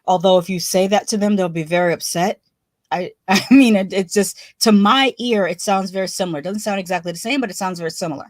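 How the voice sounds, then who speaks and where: A woman's voice: medium pitch, fast talker, no echo, clean studio sound. A woman hosting a casual live stream, chatting loosely, laughing often and restarting her sentences. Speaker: livestream host.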